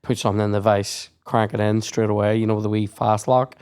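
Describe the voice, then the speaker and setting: A man's voice: on the low side, flat delivery, fairly quick, smooth. A young man, hosting a podcast and telling sweary school stories in casual chat. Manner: sweary storytelling, acts out shouted quotes. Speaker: podcast host.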